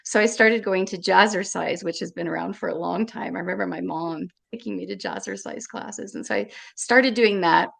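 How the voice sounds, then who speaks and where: A woman being interviewed, telling a painful personal story in an emotional, halting way and repeating her words. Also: medium pitch, gravelly, fairly bright tone. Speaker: interview guest.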